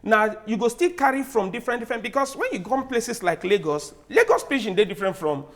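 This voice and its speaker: A man with a Nigerian accent arguing in a lively TV debate, loud and emphatic, with laughing asides. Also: very high-pitched, fast. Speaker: debate guest. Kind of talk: animated debate in Nigerian Pidgin.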